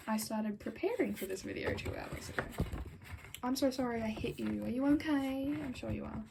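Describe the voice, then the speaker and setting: A woman vlogger talks casually to camera while reviewing her album collection, her voice a little high and creaky at a moderate pace. She giggles and rambles, often dropping into whispered asides and small apologies. There's background noise in the recording.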